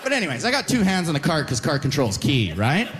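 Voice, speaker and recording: A young adult man doing a stand-up comedy set to a live audience, animated, tagging his lines with "right?" and "you know?". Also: fairly high pitch, fast.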